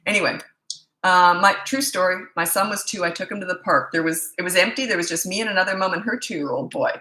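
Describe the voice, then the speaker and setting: A woman's voice: fairly low pitch, quick pace, bright, forceful tone, echoey room. A woman parenting coach giving blunt, emphatic advice in a casual monologue, repeating her points for stress.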